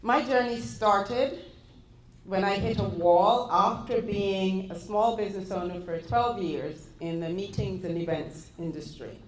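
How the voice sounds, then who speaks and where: A British woman gives a motivational talk at a very slow, deliberate pace. Her voice sits at a middle pitch. The sound is echoey, with faint noise in the hall. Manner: measured and deliberate. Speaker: guest speaker.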